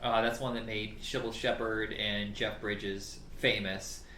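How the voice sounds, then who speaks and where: A man in casual conversation about films, lively and profane, quick to laugh. His voice rings in a roomy space, with faint background noise beneath it. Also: fairly low pitch. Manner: animated, swears freely, laughs often. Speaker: podcast co-host. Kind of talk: casual film chat.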